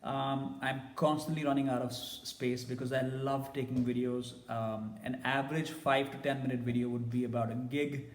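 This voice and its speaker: A man's voice: mid-range voice, level tone, moderate pace, hardly any pauses, reverberant, in a large hall. A man giving a casual, blunt and opinionated tech review.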